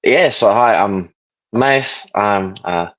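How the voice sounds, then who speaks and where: A German man in his late twenties speaks English with a German accent, relaxed and joking, full of pauses and fillers. His voice sits low, and the video call audio comes through dull and lo-fi. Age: 20s. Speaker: interview guest. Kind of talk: casual interview chat.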